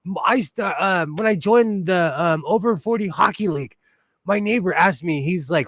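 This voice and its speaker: A man's voice: sits high, normal speed, a bit bright, no room sound. A man, hosting a casual livestream while he sews, rambling and sentimental with lots of fillers. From United States. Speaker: host.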